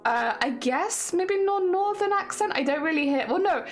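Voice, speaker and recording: A woman's voice: very high voice, expressive, normal speed. A young woman with a southern English accent, chatting casually with viewers on a stream and laughing often. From southern England. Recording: faint music behind.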